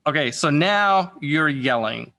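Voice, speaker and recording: A man's voice: on the high side, expressive, slow pace, vocal fry, pushed and bright. A man directing a voice-acting session in a casual, encouraging way, restarting his sentences often.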